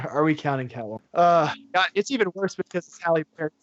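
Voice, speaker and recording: A man's voice: a little high, expressive, quick pace, a bit bright. Opinionated male co-host, muffled audio. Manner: opinionated, enthusiastic fan. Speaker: podcast co-host. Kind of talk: casual movie discussion. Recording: dull lo-fi audio.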